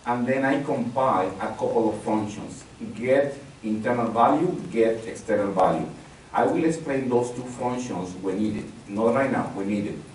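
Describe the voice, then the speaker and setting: A man's voice: mid-range voice, darkish tone. A man instructs a live audience in a large training room, chatting through steps and repeating key points as he goes. His voice sounds far from the microphone and bounces around a very echoey space, with a faint hiss of noise underneath. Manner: conversational, repeats key phrases, polls the audience.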